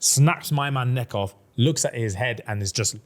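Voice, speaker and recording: Animated man retelling a story with slang. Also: medium pitch, normal speed. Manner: animated storyteller, acts out characters' lines, heavy slang. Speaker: podcast co-host. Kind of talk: casual chat, retelling a fantasy story.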